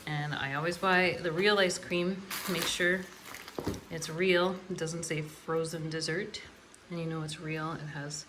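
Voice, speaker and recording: A middle-aged woman hosts a casual grocery haul vlog, chatting in an unhurried way with many ums and uhs. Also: deep voice, noisy background. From Canada. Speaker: host.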